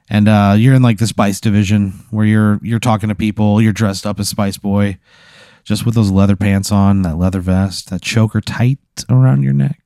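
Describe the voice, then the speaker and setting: A man's voice: fairly low pitch, fairly even intonation, normal speed, warm tone, no room sound, studio quality. A man casually improvising a story as game master, talking in a rambling way full of fillers. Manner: rambling, filler-heavy narration.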